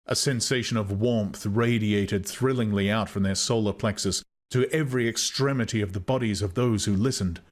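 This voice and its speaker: A man reading a novel aloud in measured, expressive scripted narration. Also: lowish voice. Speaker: audiobook narrator.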